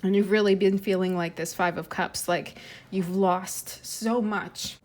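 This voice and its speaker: Woman tarot reader, soft earnest delivery, fighting back tears, halting fillers. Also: medium pitch, fairly even intonation. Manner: gentle, heartfelt, with many fillers and restarts. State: tearful, fighting emotion. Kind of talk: intuitive tarot reading to camera.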